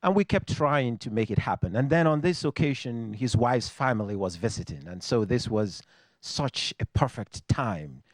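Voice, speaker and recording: A man from Nigeria with a Nigerian accent, telling a personal story on stage to a live audience in a reflective, wry way with dramatic pauses. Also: mid-range voice, expressive, dry recording.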